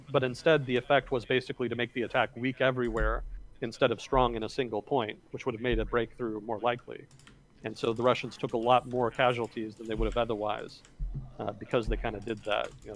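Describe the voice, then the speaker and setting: Man rambling through a casual history talk. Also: mid-range voice. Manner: rambling, self-correcting, thinking aloud. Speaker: livestream host.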